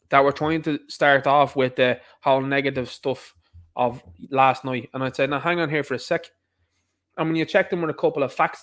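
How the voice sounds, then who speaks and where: A man with an Irish accent delivering an opinionated monologue, emphatic and repetitive, firing off rhetorical questions. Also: mid-range voice. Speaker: online commentator.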